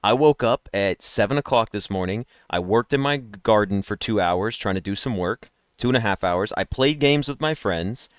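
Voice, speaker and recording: A man's voice: fairly low pitch, lively intonation, moderate pace, few pauses, clear, resonant tone, no room sound, studio quality. A man streaming daily guessing games, chatting and rambling nonstop to his viewers through a headset mic while yawning. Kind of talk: casual live-stream chat.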